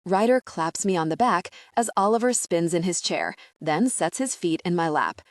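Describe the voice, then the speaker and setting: A woman with a lowish voice reads a romance audiobook in first person. Her delivery is steady and even, and the recording is close and dry with no room sound. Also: normal speed, no room sound. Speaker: audiobook narrator.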